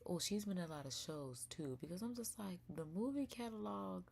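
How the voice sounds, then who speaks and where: A young woman hosting a casual live stream from home, chatting to viewers as y'all and sometimes dropping to a soft whisper. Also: sits low, animated, a little fast, slight background noise. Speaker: live-stream react host. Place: indoors at home.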